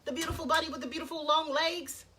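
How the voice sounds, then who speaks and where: High-voiced woman telling a children's story. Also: fast talker, a little hiss or hum. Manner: lively, chatty asides.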